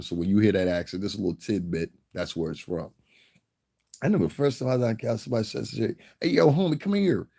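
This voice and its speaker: A man's voice: low-pitched, darkish tone. A man from the Northeastern US vlogging in a casual monologue, rambling and profane and chuckling often.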